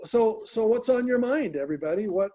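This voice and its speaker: A man's voice: sits high, lively intonation, fairly quick, warm tone. A man hosting a group video call, asking questions and giving brief, friendly affirmations. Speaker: host.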